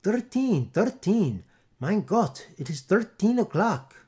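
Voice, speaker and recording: A man voicing a chorus of fussy little old Dutch burghers, counting and crying out loudly in a comic put-on German-Dutch accent. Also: a little high, wildly swooping pitch, extremely slow, husky, heavily acted. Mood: panicked.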